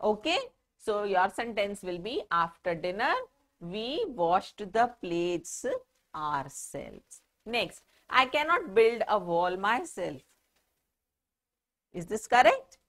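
A woman's voice: medium pitch, big pitch swings, takes it slowly, a bit bright. A woman teaching an English grammar lesson to children, speaking with an Indian English accent and explaining patiently with questions to the class. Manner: explains patiently, asks the children questions and answers them herself.

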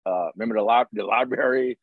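A man's voice: mid-range voice, fast, no echo, phone-quality sound. A middle-aged man hosting a casual conversation, talking in an emphatic, motivational way and repeating his points. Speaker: podcast host, retired Green Beret.

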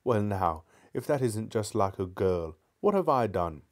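A man's voice: on the low side, very animated, measured pace. A man doing an anxious, pleading schoolboy. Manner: pleading, old-fashioned schoolboy talk. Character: anxious, earnest young boy. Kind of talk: live book reading.

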